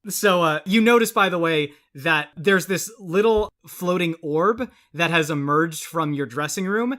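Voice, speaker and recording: A man's voice: a little high, a little slow, a bit bright. A man narrating a tabletop game as game master, descriptive and laughing often.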